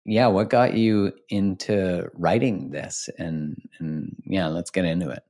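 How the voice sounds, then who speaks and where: A man hosting a podcast, talking in a calm, even tone as he introduces the show and interviews a guest. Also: deep voice, slow pace. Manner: calm, even-toned delivery. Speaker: podcast host.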